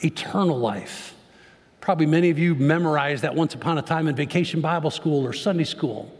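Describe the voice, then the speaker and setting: In a church sanctuary with long reverb, a pastor delivers a sermon in a fairly high voice at a fairly quick pace. His style is conversational, and he poses questions to the congregation.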